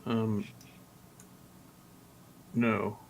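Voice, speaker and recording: A man playing in a tabletop game, relaxed and unhurried. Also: fairly low pitch, creaky, lo-fi sound. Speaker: player. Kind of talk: casual game table talk.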